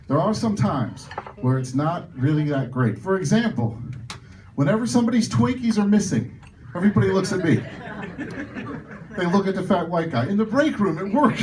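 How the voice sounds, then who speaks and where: A man doing a stand-up comedy set in a club, loud with the crowd and self-mocking in his punchlines. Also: high voice, very animated, moderate pace, distant mic, a little hiss or hum, low-quality recording.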